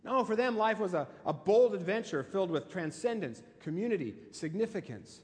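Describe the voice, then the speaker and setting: A man's voice: high voice, sing-song, a little fast, darkish tone, in a large hall. A male pastor preaching a sermon, telling stories emphatically and asking the listeners questions. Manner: emphatic storytelling with rhetorical questions.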